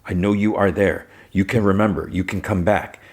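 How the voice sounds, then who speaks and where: A man's voice: sits low, steady tone, normal speed, a little mellow. Man doing an intense man pleading in broken English. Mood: urgent. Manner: broken English in short, repeated pleading phrases. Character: intense, urgent man coaxing someone back.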